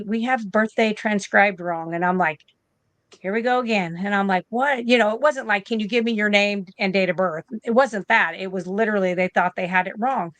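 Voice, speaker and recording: A woman's voice: medium pitch, dry recording. A woman in her fifties, an interview guest and nurse from the United States, telling a story in a casual way and acting out both sides of each conversation.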